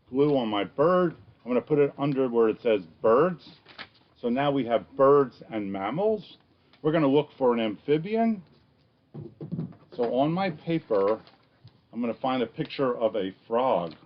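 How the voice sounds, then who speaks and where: Male children's science host, mid-pitched, patient and encouraging, slightly lo-fi recording. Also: animated. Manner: encouraging, speaking slowly and plainly to young kids. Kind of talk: reading aloud and teaching a craft activity to children. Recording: slightly dull recording with faint background noise.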